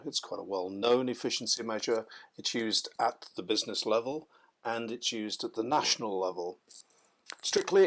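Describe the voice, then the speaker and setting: A man from the United Kingdom giving a measured, explanatory business lecture over slides, with frequent ums and self-corrections. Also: fairly low pitch, pushed and bright.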